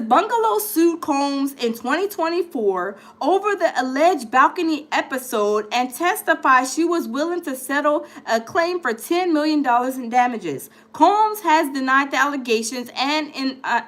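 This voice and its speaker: A woman hosting a live gossip stream, chatting animatedly with viewers and reading news aloud with lots of fillers and restarts. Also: high-pitched. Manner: animated, chatty storyteller, talks to viewers as "y'all". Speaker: gossip livestream host. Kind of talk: casual live-stream commentary.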